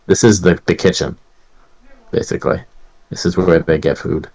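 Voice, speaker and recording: A man playing a tabletop game, talking casually and planning moves in a relaxed way. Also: deep voice, normal speed. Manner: relaxed planning talk, laughs often.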